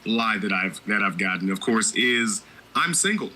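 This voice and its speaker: A man's voice: lowish voice, expressive, moderate pace, bright, forceful tone, a little hiss or hum, rough recording. A man hosting a podcast, talking candidly and with strong opinions, with frequent restarts. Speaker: podcast host. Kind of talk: casual podcast chat.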